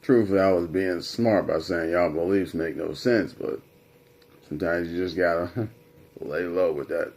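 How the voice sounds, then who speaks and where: A man's voice: low voice, moderate pace, a little mellow. A young man vlogging, telling a personal story in a rambling, conversational way. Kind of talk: casual storytelling to camera.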